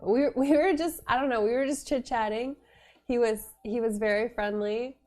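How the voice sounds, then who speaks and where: Giggly, chatty young woman, slightly high voice. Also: normal speed, a little mellow, soft background music. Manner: giggly, laughs often while telling the story; rambling, many fillers and restarts. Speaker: vlogger. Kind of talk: casual storytelling.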